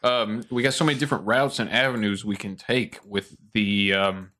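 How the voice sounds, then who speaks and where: A man with a bright, forceful, lowish voice hosts a loose drinking podcast. He rambles and circles back on himself, laughing easily between points. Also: steady tone, moderate pace. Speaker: podcast host. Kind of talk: casual drunken chat.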